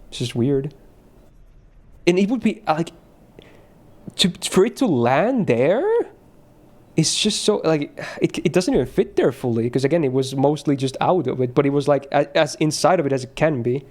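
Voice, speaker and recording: A man's voice: medium pitch, expressive, normal speed, a little mellow. A male streamer in casual chat while gaming, rambling with restarts and casual swearing.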